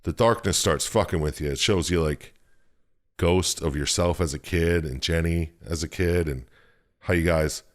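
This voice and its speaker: Deep-voiced man telling a story casually. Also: moderate pace. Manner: loose, profane storytelling with frequent laughs. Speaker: podcast co-host. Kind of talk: casual chat recapping a video game.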